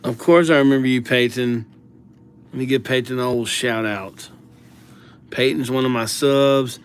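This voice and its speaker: A man's voice: mid-range voice, fairly even intonation, clear, resonant tone. A man hosting a live stream, chatting casually and reading viewers' names aloud, his voice drifting from the mic as he writes. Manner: slow, mumbled, drifting in and out of the mic while writing; easygoing, jokey, reads viewer names aloud. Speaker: livestream calligraphy host.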